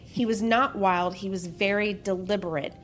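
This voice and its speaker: A woman's voice: medium pitch, steady tone, moderate pace, slight background noise. A woman hosting a podcast, reading a true-crime story in a casual way and breaking off for joking asides. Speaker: podcast host.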